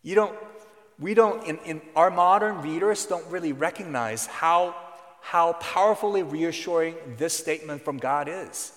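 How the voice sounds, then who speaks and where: Guy preaching a sermon, kinda high voice, big echoey hall, stresses words hard. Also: normal speed. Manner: earnest teaching tone with emphatic stresses. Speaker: pastor. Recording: long hall reverb.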